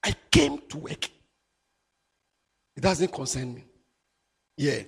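A middle-aged Ghanaian man preaching with a husky, high-pitched voice that leaps up and down. He talks animatedly and drifts between English and Twi as he exhorts his listeners. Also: sing-song, slow pace, long pauses. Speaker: pastor. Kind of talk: sermon.

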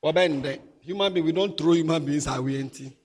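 A middle-aged man with a Ghanaian accent, preaching a sermon as a pastor, animated and mixing English with Twi. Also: on the high side, fast.

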